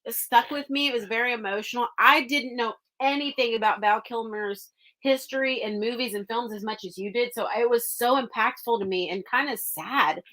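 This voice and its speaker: A woman's voice: a little high, moderate pace, bright, forceful tone. A woman co-hosting a podcast, chatting casually and emotionally about movies she loved. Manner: gushing, emotional, enthusiastic. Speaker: podcast co-host. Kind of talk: casual movie review chat.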